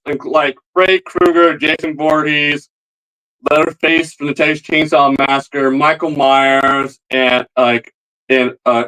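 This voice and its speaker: A man's voice: on the high side, a bit bright, poor audio. Stammering man in a rambling comedy vlog. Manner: stammering, repeating words as he talks.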